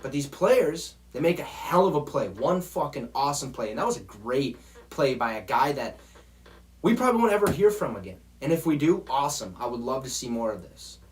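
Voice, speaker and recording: A man's voice: medium pitch, lively intonation, a little fast. A man hosting a football show, ranting in a profane, exasperated way straight to his viewers. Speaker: sports show host. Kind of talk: heated football rant.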